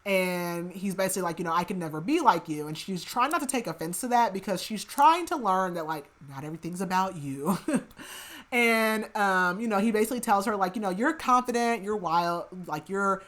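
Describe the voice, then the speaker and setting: A woman hosting a podcast, recapping a book in casual chat, rambling with lots of filler "like" and dropping into soft murmured asides. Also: mid-range voice, expressive, brisk. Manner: rambling, heavy use of filler "like", chatty asides; laughs at her own remarks, drops to soft murmured asides. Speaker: podcast host.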